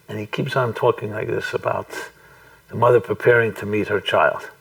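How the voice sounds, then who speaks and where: A man, a rabbi, telling a story to a live group, speaking thoughtfully and deliberately with frequent restarts. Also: on the low side, fairly even intonation, gravelly, distant mic, rough recording. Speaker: rabbi giving a talk. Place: room with a small audience.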